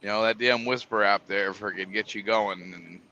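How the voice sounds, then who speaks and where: A man's voice: lowish voice, fairly even intonation, normal speed, vocal fry, bright, forceful tone. A man calling into a livestream, chatting in a plain, informal way. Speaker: caller. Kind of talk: casual livestream chat. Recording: muffled call audio with faint hiss.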